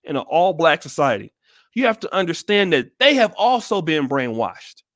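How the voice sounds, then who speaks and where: A man's voice: a little high, very animated, normal speed, a bit bright, dry recording, studio quality. An American man giving blunt, profane commentary on a live stream, with many restarts. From United States. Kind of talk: casual livestream commentary.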